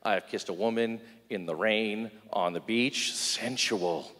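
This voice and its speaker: A man doing a stand-up comedy set, telling stories in an animated way and acting out voices. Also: fairly low pitch, unhurried. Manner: animated storytelling, acts out voices. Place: comedy club stage. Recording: live stage with hall reverb.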